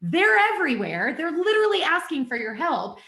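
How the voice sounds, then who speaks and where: A woman's voice: high-pitched, sing-song, fairly quick, gravelly, fairly bright tone. A young adult woman hosting a live online business training, upbeat and chatty, talking straight to her viewers. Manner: upbeat, chatty, addresses the audience directly. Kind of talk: live webinar coaching. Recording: echoey room.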